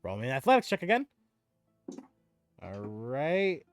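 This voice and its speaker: A man narrating a tabletop game as game master, lively and animated. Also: mid-range voice, a little slow, faint music behind.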